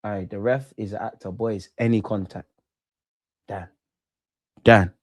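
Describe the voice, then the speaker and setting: Guy live streaming a footy match, excitable, swears a lot, talks to chat, dry close mic. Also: fairly low pitch, a little slow, dry recording. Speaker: football watchalong host.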